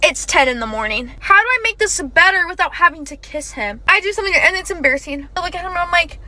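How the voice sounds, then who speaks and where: Bright, very high-voiced young woman telling a story. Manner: animated and fast, with frequent "like" and "okay". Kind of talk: casual storytime.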